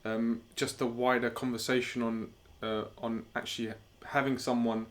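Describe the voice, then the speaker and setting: A man hosting a podcast in a casual interview style, who mostly gives short agreeing replies and asks gentle questions. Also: mid-range voice, level tone, moderate pace. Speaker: podcast host.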